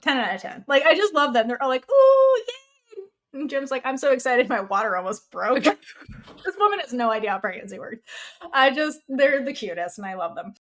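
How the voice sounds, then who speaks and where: Animated woman podcast co-host. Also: brisk. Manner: animated, acts out characters' lines in bursts of high pitch. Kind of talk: casual chat.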